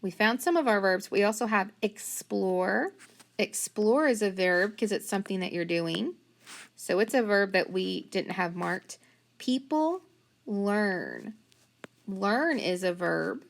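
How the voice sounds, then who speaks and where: A woman teacher leading a phonics lesson, talking slowly and patiently and stretching out sounds and words. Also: medium pitch, vocal fry.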